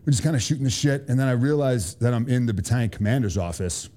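A man's voice: medium pitch, animated, fast talker, mellow. A man with a Boston accent, a guest on an interview podcast, telling stories casually and animatedly, swearing freely and tagging lines with "right?". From Boston, USA. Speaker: podcast guest, Army Special Forces officer.

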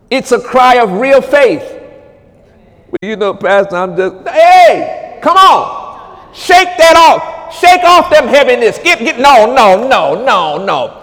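High-voiced preacher shouting in a hall. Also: male voice. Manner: swings from low murmurs to high shouted commands. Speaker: pastor. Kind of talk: charismatic sermon.

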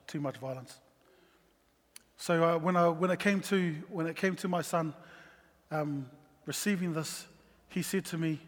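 A middle-aged man telling a personal story about being a father, earnest and halting, with many ums and restarts. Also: a little high, in a large hall. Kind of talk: personal testimony talk.

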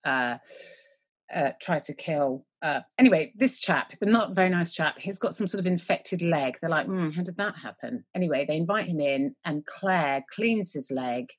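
A woman's voice: deep voice, lively intonation, normal speed, husky. A woman co-hosting a podcast, recapping a TV episode in casual, rambling chat, joking and trailing off mid-word. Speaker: podcast co-host.

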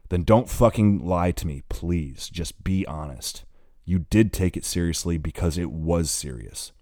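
A man's voice: sits low, a little slow, dry recording. A man reading the lines of an angry, heartbroken young man who has been drinking and swears bitterly. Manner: bitter, swearing, close to shouting.

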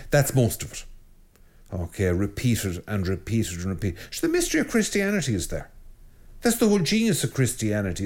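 A middle-aged man, a priest hosting his own show, giving an informal spiritual talk in an animated, joking way with frequent restarts and stammers. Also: lowish voice, a little fast.

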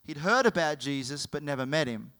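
A man preaching a sermon, telling the story in an animated way and often correcting himself mid-sentence. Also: on the high side, fairly quick. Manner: animated, with frequent self-corrections.

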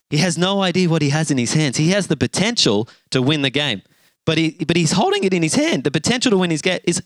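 A middle-aged man, preaching a sermon and acting out a lively story. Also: mid-range voice, no room sound. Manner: animated storyteller, acts out voices with shouts and gasps. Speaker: pastor.

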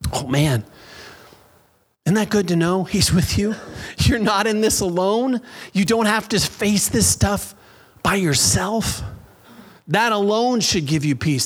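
A man with a high voice preaches to his congregation. He delivers a sermon in slow, emphatic phrases, pausing between them. He speaks as the pastor of a church. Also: animated.

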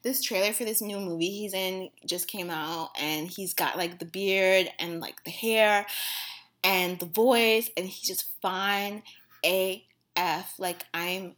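A woman's voice: mid-range voice, steady tone, slow pace, fairly bright tone. A young woman co-hosting a podcast in casual chat, blunt and playful, swearing and gushing as she talks. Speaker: podcast co-host.

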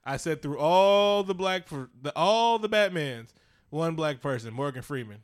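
A man co-hosting a podcast in casual chat, animated and laughing, swearing freely. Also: a little high, unhurried, clean tone. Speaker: podcast co-host.

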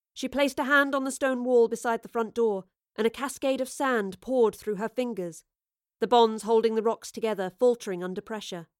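A woman reads a dramatic tale in a measured storytelling voice. Her pitch sits slightly high, and the close, dry recording carries no room sound. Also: no room sound. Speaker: audiobook reader. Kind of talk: scripted story narration.

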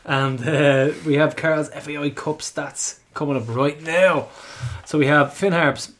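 A man's voice: on the high side, fairly even intonation, a little slow, a bit bright. A man hosting a podcast, chatting casually and reading out football stats. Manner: breezy, reads stats off a list. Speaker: podcast host.

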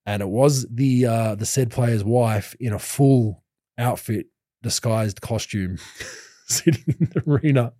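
Man, thirties, podcast host, mellow voice, dry close sound, energetic storyteller. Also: mid-range voice, a little slow, no echo. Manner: animated storyteller, many restarts, laughs. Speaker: podcast host, former NBA player. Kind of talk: casual storytelling chat.

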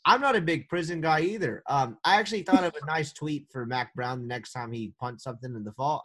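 A man co-hosting a casual sports podcast, talking in an animated, joking way with quick restarts. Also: a little high. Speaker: podcast co-host.

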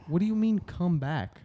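A man on a podcast who sounds baffled and keeps pressing the same questions. His voice sits high for a man and swings widely up and down. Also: highs cut off. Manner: baffled, insistent, repeats questions. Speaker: podcast co-host. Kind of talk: casual chat.

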